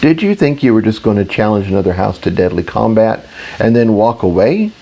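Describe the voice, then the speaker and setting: A man's voice: on the low side, lively intonation, a little fast, creaky, warm tone. A man voicing a sly older woman who leads the houses and mocks with false sympathy. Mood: mocking.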